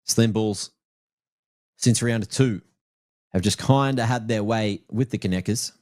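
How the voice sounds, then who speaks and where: A man's voice: fairly low pitch, measured pace, a little mellow. A man casting a live video game match, giving chatty, joking play-by-play from a headset mic. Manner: chatty and joking, teases players and viewers. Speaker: esports caster.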